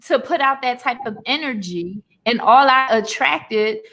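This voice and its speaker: A woman in her forties speaks as an interview guest, telling her life story with earnest emotion and talk of faith. Her voice is bright and forceful, sitting a little high. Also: expressive, measured pace. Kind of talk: candid personal testimony.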